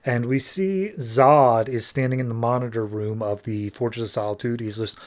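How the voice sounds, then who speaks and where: A man hosting a podcast, casually recapping a comic issue in an animated way, leaning on "like" as he retells the scenes. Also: medium pitch, normal speed. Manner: animated retelling, acts out characters' lines, heavy use of "like". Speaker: podcast host.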